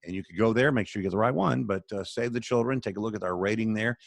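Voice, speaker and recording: Low-voiced man telling stories on a video call. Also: fast talker, vocal fry, no room sound, studio quality. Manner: earnest, storytelling, sermon-like. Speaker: charity spokesman, radio guest.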